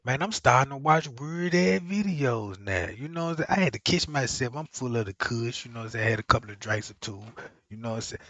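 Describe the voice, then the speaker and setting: A male vlogger telling stories in a casual monologue, swinging between low muttering and loud exclamations, with frequent profanity and filler phrases. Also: animated, quick pace, no echo. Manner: peppers talk with profanity and "you know what I'm saying". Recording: slightly muffled, dry sound.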